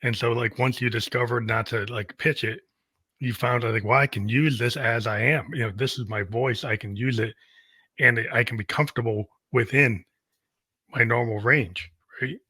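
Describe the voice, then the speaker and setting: Man, podcast host, casual rambling chat, crisp bright voice, dry sound. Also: medium pitch, steady tone, moderate pace, no echo. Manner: rambling, many fillers and restarts.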